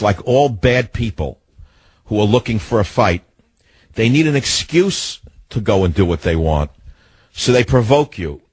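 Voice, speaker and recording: A man's voice: lowish voice, husky, no room sound, rough recording. An older man hosting a political talk radio show, delivering an emphatic, combative monologue with lots of repetition.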